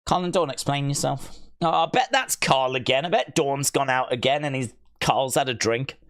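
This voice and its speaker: A man hosting a live stream, reading viewer comments aloud in casual, playful chat and teasing them, often leaping into a high mock-outraged voice. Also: moderate pace, a bit bright. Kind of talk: casual watch-along chat.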